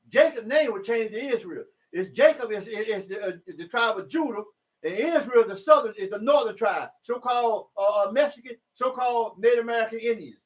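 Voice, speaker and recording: A man preaching informally from scripture in a loose, repetitive way, rising to emphatic shouts when he reads the verses. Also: sits high, fairly quick. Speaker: self-styled preacher.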